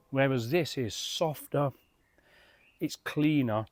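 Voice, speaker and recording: Man, casual beer reviewer, rambling, mid pitch, dry close recording. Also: expressive, moderate pace, no echo. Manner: rambling, many fillers and restarts.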